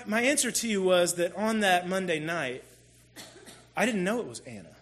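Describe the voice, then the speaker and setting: A man telling a personal story in a sermon, animated and self-deprecating as he talks to the congregation. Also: sits high, moderate pace. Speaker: church speaker.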